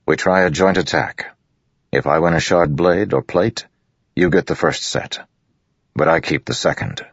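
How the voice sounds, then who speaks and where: Narrator doing a weary older prince, measured and earnest, husky and dry on a muffled recording. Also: male voice, rumbling low, no echo, exaggerated voice.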